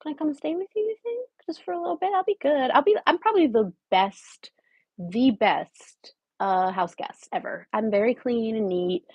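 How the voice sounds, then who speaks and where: A woman's voice: fairly high pitch, animated, normal speed, breathy edge, dry recording, lo-fi sound. A woman playing a scheming homeless woman in her late twenties who wheedles her live chat for a place to stay, shifting into sudden whispers. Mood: wheedling. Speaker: comedic livestream host. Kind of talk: improvised parody livestream.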